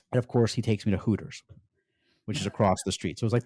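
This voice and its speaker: A middle-aged man from the United States, a podcast guest recounting his story in an animated way and often saying "like". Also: lowish voice, quick pace, no echo, studio quality. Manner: animated storyteller, peppers speech with "like". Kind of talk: storytelling interview.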